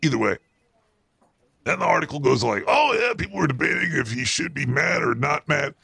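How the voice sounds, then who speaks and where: A man's voice: a little high, sing-song, fairly quick, bright, forceful tone, no room sound, full character voice. A man voicing a paranoid, foul-mouthed male cartoon rat who hosts a show and rants crudely and with exasperation about the news. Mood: ranting. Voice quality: gravelly. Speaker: show host. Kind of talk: comedic news rant.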